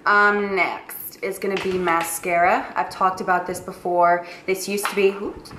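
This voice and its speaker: A woman's voice: mid-range voice, little pitch movement, a little slow, a bit bright. A young woman with a New York accent, a makeup artist chatting through her monthly favorites in a gushing, filler-heavy way. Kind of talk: casual monthly favorites vlog. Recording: roomy echo with faint noise.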